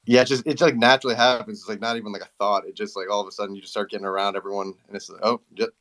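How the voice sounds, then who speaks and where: A man telling a casual story, rambling and animated. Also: on the low side, racing. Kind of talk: casual chat.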